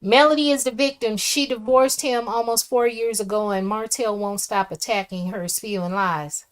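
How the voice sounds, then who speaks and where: A woman hosting a livestream reads her viewers' comments aloud and responds in a casual, talkative way. Her voice is a little high, her tone steady, and her pace moderate, with swings from soft asides to loud exclamations.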